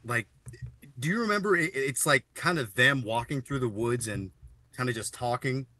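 A man's voice: mid-range voice, normal speed, sharp tone, no room sound. A man hosting a podcast, asking his guest questions in an easygoing, rambling way with many uhs. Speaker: podcast host. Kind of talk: casual chat.

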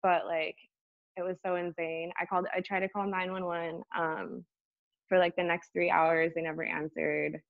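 A young woman, a podcast guest, telling a story casually with lots of fillers and animated retellings. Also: lowish voice, normal speed, gravelly, dry recording. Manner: animated, lots of fillers, acts out voices in anecdotes. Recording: dull, slightly lo-fi dry sound.

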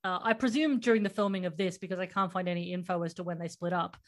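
A woman's voice: fairly low pitch, fairly even intonation, quick pace. Chatty woman podcast host. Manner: chatty, laughs often while recapping. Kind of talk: casual movie chat.

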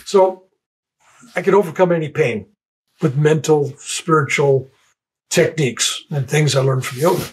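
An older man telling the personal story of his out-of-body experience, halting and repeating words as he searches for them. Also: fairly high pitch, low-quality recording. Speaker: interviewee.

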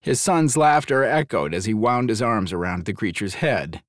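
A man narrating an audiobook in an expressive, scripted storytelling style. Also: fairly low pitch, normal speed, no room sound, clean studio sound.

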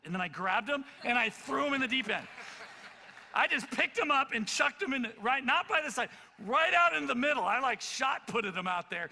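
Male pastor with a high, bright voice, animated storytelling sermon in a reverberant church hall. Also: normal speed. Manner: animated, loud acted-out storytelling with many stammered restarts. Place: church auditorium.

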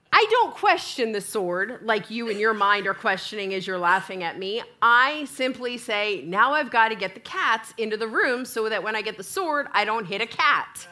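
A woman preaching a sermon in church, telling a funny personal story and acting out both sides of the dialogue in an animated way. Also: fairly high pitch, normal speed, few pauses.

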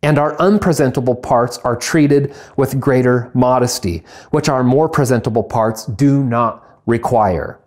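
Guy preaching a sunday sermon, lively and chatty, mid pitch, does little joke voices. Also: measured pace, hardly any pauses. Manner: animated preaching, acts out comic voices. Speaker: pastor.

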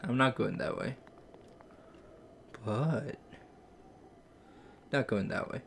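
A gaming YouTuber giving let's play commentary, excitable and goofy, swearing often and mocking themselves. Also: medium pitch, takes it slowly, vocal fry, a little hiss or hum.

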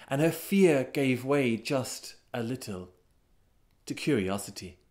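Slow, dramatic male storyteller. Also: medium pitch. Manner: unhurried and dramatic, with sudden swells of excitement. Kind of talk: storytelling narration.

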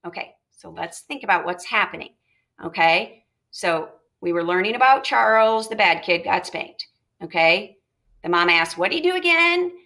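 A woman's voice: fairly low pitch, measured pace, gravelly, pushed and bright. A middle-aged woman teacher leading a reading lesson, reading a story aloud and modeling note-taking, with frequent checks like "okay?". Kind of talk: classroom lesson with read-aloud.

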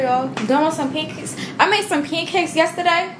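A woman's voice: extremely high pitch, a little fast, hardly any pauses, noisy background. A young woman chatting casually in a vlog about her day and her small business, slangy and cursing freely. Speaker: vlogger and small business owner.

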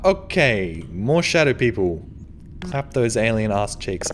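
In a sing-song, mid-range voice and a slightly slow pace, a let's play host offers crude, joking commentary on a horror game. He yelps when startled, and background noise is audible.

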